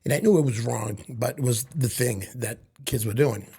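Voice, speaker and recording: A middle-aged man from Lawrence, Massachusetts, telling stories from his childhood as a podcast guest and acting out quick bits of back-and-forth dialogue. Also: medium pitch, creaky, dark tone, breathy edge. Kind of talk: storytelling in casual conversation.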